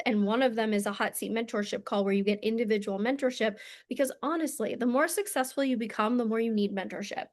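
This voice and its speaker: Earnest female mentor, slightly high voice, emphatic casual monologue. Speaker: mentor and coach. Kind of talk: motivational monologue to camera.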